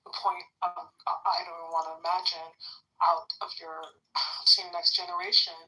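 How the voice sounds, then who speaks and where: A woman's voice: fairly low pitch, sing-song, normal speed, vocal fry, pushed and bright, rough recording. A woman, debating politics in a casual, blunt and indignant way, swearing freely. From Canada. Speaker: panel guest.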